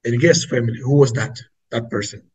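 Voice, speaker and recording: Raspy Angolan man preaching emphatically. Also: mid-range voice, steady tone, fairly quick, rough recording. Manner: emphatic, repetitive, addresses listeners as family. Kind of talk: preaching to an online audience.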